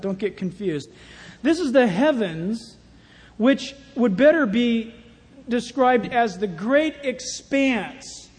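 A male pastor preaching an animated sermon in a warehouse church, declaiming scripture emphatically. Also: very high voice, slightly rough. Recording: long reverb in a large hall.

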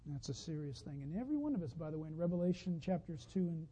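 A man preaching a sermon, telling a story as he goes, dropping from hushed to loud excited outbursts. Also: fairly high pitch, fast talker, husky, poor audio. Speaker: pastor.

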